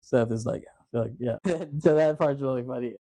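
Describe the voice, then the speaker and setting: Guy, chatty podcast recap, mellow dark voice, dry close mic. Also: mid-range voice, normal speed, no room sound. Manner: retells scenes in quoted voices, laughs often. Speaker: podcast host. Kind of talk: casual chat recapping a film.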